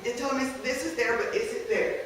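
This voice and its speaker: A woman's voice: fairly high pitch, fairly quick. A woman teacher giving a conversational workshop talk on classroom activities, often checking in with the audience. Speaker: language teacher presenting a workshop. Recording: echoey room, voice from a distance.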